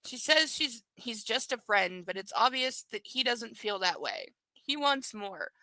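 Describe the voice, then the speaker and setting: A woman's voice: fairly high pitch, animated, unhurried, pushed and bright, no echo. A woman reading a novel aloud on a casual livestream at home, with sarcastic asides about the story. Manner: sarcastic asides and baby talk to her dog. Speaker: host reading a book aloud. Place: home desk with her dog on her lap.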